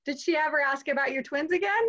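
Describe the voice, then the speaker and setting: A woman's voice: sits high, quick pace, fairly bright tone, muffled recording. A woman co-hosting a podcast, chatting casually in a wry, teasing way and laughing easily. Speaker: podcast co-host. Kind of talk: casual chat.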